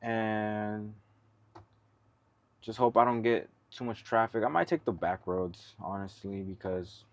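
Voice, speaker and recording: A truck driver with a lowish voice and slow pace chats casually for his vlog while at a truck yard. He's laid-back, slangy, and tends to ramble.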